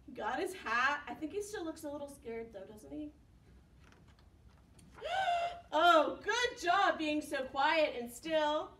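Young female children's librarian, high and slow-paced, animated storytime delivery, echoey distant recording. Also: a little hiss or hum. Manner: animated, gasps and whispers to engage children. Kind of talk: preschool storytime reading and singing. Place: library room. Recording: echoey room, mic at a distance.

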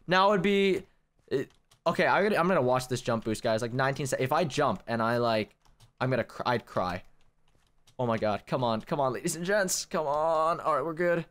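A young man hosting a gaming channel, giving casual commentary as he plays and getting worked up over failed jumps. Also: medium pitch. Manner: excitable, quick to rage, addresses viewers as guys. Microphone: desk microphone.

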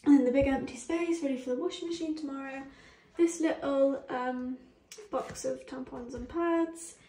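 A woman's voice: high-pitched, fairly even intonation, moderate pace, warm tone. A young British woman in her twenties, talking casually to her phone camera at home in a bathroom, in a chatty, gushing way. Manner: chatty, gushing, easily moved. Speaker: vlogger. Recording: echoey small tiled room.

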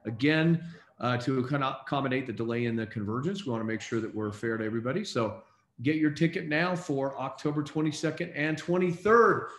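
A man hosting a casual online call, reading out names in an upbeat, brisk way. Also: medium pitch, a bit bright, reverberant. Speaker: host.

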